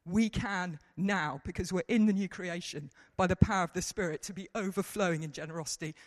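A man preaching a lively sermon to a congregation, joking at his own expense. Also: sits high. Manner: lively, self-mocking, mimics people in quotes. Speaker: pastor. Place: church hall. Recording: reverberant hall.

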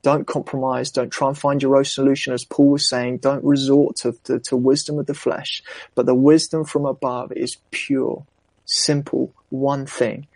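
Earnest young preacher, gravelly. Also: male voice, medium pitch, flat delivery, normal speed, a little mellow, dry recording. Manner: earnest, reflective, personal asides. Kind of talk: sermon.

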